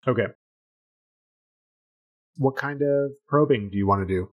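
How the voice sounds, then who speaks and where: A man running a tabletop role-playing game as game master, describing scenes in a relaxed, chatty way with plenty of pauses. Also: medium pitch, narrow, tinny audio.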